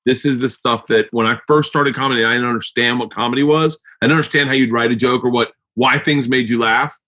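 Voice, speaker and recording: A man's voice: mid-range voice, steady tone, fast. A man hosting a podcast in casual chat, telling stories in a loose, rambling way with plenty of swearing. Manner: loud, swearing, rambling storyteller. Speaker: podcast host.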